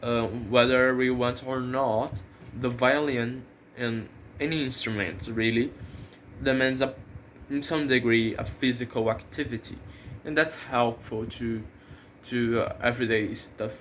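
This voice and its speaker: Slow, hesitant man talking to camera. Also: medium pitch, steady tone, a bit bright, a little hiss or hum. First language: not English. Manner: hesitant, many fillers and restarts, thinking aloud. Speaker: channel host. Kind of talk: casual vlog monologue.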